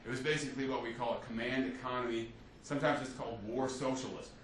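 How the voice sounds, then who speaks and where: A man's voice: medium pitch, fairly even intonation, fast, a bit bright, a little hiss or hum. A male history teacher giving a conversational classroom lecture, often checking in with "you see" and "right?" as he talks. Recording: roomy, distant, faint ambience.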